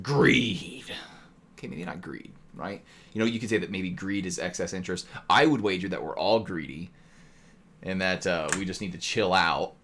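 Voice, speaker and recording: A man's voice: lowish voice, fairly bright tone. Streamer-style male lecturer, loose and chatty, fond of rhetorical "right?". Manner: talkative, rhetorical "right?" tags, mock voices. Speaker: streamer teaching economics. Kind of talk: casual lecture to live chat.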